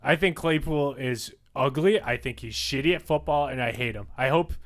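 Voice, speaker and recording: A young man hosting a podcast in loose, casual banter. His voice sits at an ordinary middle pitch, and he talks in a crude, joking way, swearing freely and telling dirty jokes. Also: moderate pace. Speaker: podcast co-host.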